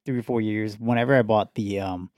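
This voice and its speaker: A man co-hosting a podcast, talking in a relaxed way full of fillers and reading prepared notes on a film. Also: lowish voice, brisk, no room sound, studio quality. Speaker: podcast co-host. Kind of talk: casual chat and read synopsis.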